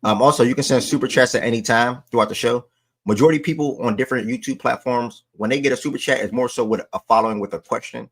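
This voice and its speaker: A man's voice: medium pitch, fast, slightly rough. A man hosting a sports livestream, talking to his chat in loose, slangy casual speech. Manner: loose slangy talk, breaks off to call his dog.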